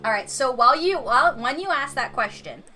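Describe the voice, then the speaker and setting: A woman's voice: sits high, expressive, brisk, bright, forceful tone. A woman running a tabletop game as game master, chatty and rambling, with many fillers and restarts.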